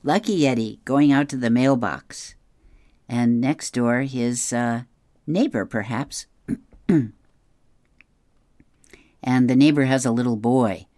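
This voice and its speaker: A middle-aged woman reading newspaper comics aloud, describing each panel in a relaxed, amused way. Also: rumbling low, takes it slowly, pauses often, dry recording, clean studio sound. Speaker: comic strip reader.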